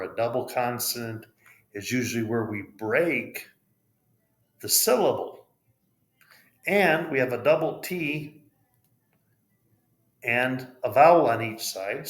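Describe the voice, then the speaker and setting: An American man teaches English pronunciation in a room with noticeable echo, his mid-range voice fairly bright in tone. He spells out the letters and demonstrates every word with patient care.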